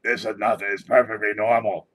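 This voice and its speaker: A man's voice: on the low side, flat delivery, fairly quick, fairly bright tone, husky. A man voicing a fussy old grandmother who chats proudly about her grandson. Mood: chatty.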